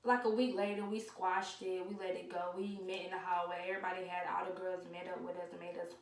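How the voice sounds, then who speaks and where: Young woman, lively storyteller who acts out quoted voices, recorded a little off-mic with faint noise. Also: on the low side, fast talker, gravelly, distant mic. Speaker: vlogger. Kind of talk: casual storytime. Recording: echoey room, away from the mic, faint noise.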